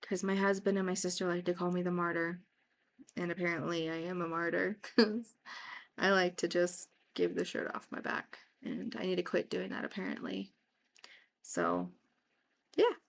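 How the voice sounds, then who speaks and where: A woman vlogger giving a casual, rambling personal update, repeating herself, with fillers and soft laughs. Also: on the low side, fairly even intonation, normal speed, vocal fry.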